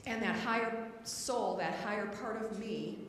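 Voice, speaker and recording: A woman spiritual director, giving a humorous sermon and acting out her own scared voice and loud outbursts. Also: medium pitch, unhurried, slight background noise. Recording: roomy hall, voice from a distance.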